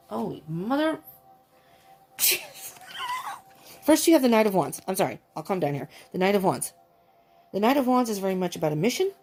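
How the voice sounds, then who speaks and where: Excitable woman reading tarot cards. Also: lowish voice. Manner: gushing, excitable, restarts and exclamations. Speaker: tarot reader.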